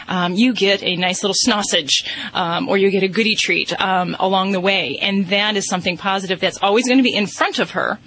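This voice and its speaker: Husky woman giving calm pet advice. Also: mid-range voice, low-quality recording. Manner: gentle, steady advice with frequent ums. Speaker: pet behavior expert. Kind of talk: radio call-in advice.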